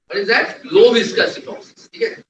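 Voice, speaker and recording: A man's voice: sits high, sing-song, a little fast, dull audio, slight background noise. A man teaching a technical class, quizzing the room and repeating key points. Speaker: trainer. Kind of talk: classroom lecture. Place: lecture hall. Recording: echoey room, distant mic.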